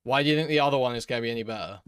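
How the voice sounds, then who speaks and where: A man's voice: medium pitch, racing, smooth. A man hosting casual reaction commentary, mocking and incredulous with heavy swearing. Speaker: commentary host.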